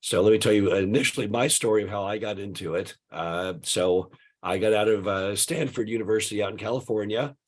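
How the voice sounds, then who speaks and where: An older man speaks with a husky, gravelly voice, hoarse from a bout of flu, his pitch sitting on the low side. He tells his story in a loose, conversational way, pausing often on "uh" as he goes. He comes through a video call. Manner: relaxed storytelling with many "uh" fillers. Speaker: guest speaker. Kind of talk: conversational webinar presentation.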